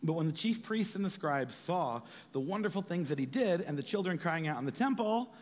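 A man preaching a sermon as a pastor, in an animated way, acting out voices from the text. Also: fairly high pitch, brisk, in a large hall. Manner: animated, acts out voices of biblical figures.

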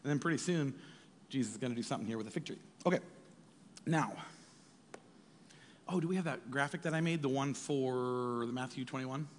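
A man preaching a sermon as a pastor, in an animated way, acting out voices from the text. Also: medium pitch, a little fast, long pauses, big-room sound, a little hiss or hum. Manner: animated, acts out voices of biblical figures.

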